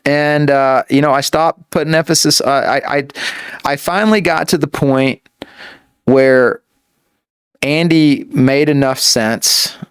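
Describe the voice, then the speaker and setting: Earnest man with a smooth voice. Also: a little high, no room sound, clean studio sound. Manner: earnest, talks in halting repeated starts. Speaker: podcast guest. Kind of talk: casual podcast conversation.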